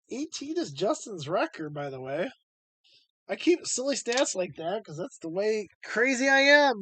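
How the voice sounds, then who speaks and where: A man chats through a live stream in an unhurried drawl, his pitch swinging up and down as he rambles and thinks aloud. The sound is dry, with no room around it. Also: a bit bright, no room sound. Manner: rambling, chatty, thinks aloud while sorting coins. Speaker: live-stream host hunting coins. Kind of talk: casual live-stream chat.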